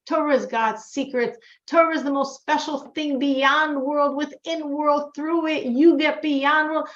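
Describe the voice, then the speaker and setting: A woman teaching a religious class to a group, animated, moving between loud emphatic lines and hushed ones. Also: sits high, measured pace. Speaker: Torah teacher. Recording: dull, lo-fi recording.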